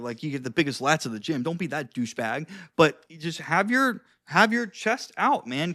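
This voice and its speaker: High-pitched guy giving blunt social advice, swears a lot, very dry close sound. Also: no room sound. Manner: animated, profane, demonstrates tones of voice. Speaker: social skills and dating coach. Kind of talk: casual advice vlog.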